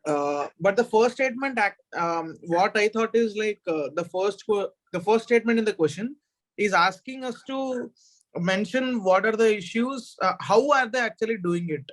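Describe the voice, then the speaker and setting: A young-sounding man speaks up as a student in an online coaching class. His voice is high for a man. He fumbles and starts over as he works through his answer. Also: animated, normal speed, poor audio. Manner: hesitant, full of fillers and restarts. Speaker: exam aspirant student.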